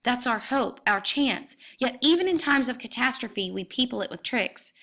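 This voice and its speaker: A woman's voice: a little high, moderate pace, hardly any pauses, sharp tone. A woman giving an intense, dramatic reading of a novel in the first person, rising into cries at the violent moments. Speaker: reader.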